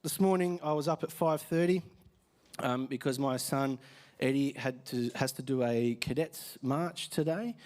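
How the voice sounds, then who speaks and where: Speaking a little slowly in a medium-pitched, slightly mellow voice, a weary Australian man preaches informally from a church stage. He tells stories as he goes, with frequent fillers and false starts.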